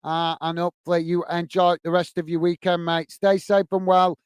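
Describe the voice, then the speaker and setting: A man's voice: high voice, little pitch movement, normal speed, smooth, no echo. A middle-aged man hosting a football fan live stream, reading out viewers' comments and thanking each one by name, with lots of "mate" and "top man". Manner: friendly, repeats thanks and "mate" often. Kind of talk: casual live-stream chat.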